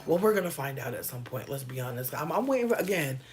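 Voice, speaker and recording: Animated, profane woman riffing casually. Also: quick pace. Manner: loose, profane, riffing with big swings in pitch. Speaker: podcast host. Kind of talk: casual comedic chat.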